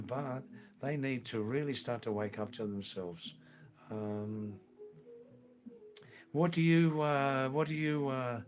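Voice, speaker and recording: A man born in England hosting a live stream, answering viewer comments in a slow, halting way that repeats phrases. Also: medium pitch. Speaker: livestream host.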